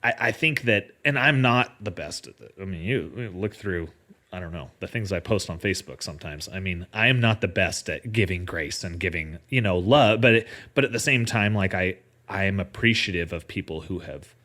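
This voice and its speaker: A man's voice: deep voice, expressive, moderate pace, bright, forceful tone. A man talking as a podcast guest, casual and reflective, often circling back and restarting his thoughts. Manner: reflective, many fillers and restarts, laughs lightly. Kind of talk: casual conversation.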